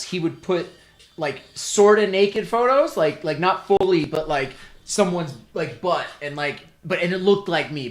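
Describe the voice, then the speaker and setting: A man hosting a livestream in casual chat, rambling and stammering as he tells a story. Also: sits high. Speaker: livestream host. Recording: roomy echo, faint music.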